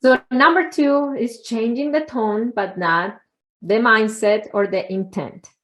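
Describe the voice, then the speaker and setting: A woman's voice: fairly high pitch, measured pace, a bit bright, rough recording. A woman hosting a parenting podcast who explains her approach plainly and practically. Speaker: podcast host and parenting educator. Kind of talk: casual podcast conversation.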